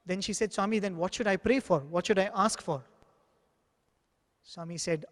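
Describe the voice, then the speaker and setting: High-voiced man, reverberant hall. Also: normal speed. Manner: earnest, acts out dialogue in anecdotes. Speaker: spiritual speaker. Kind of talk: devotional talk with storytelling.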